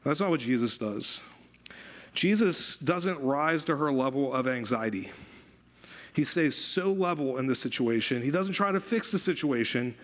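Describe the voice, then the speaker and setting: A man's voice: medium pitch, normal speed. Conversational male pastor preaching. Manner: conversational, animated, repeats for emphasis. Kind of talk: sermon.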